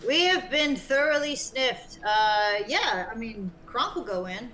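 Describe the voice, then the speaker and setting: A woman's voice: fairly high pitch, expressive, unhurried, pushed and bright. A woman playing a tabletop role-playing game, chatting playfully with the group. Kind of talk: casual chat, playing a character.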